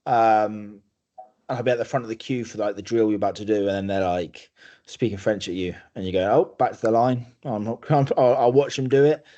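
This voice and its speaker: A man's voice: lowish voice, a little fast, warm tone, highs cut off. A man from England, a guest on a sports podcast, telling stories casually with many restarts and acted-out quotes. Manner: storytelling with many restarts, acting out quoted voices. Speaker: guest, rugby player.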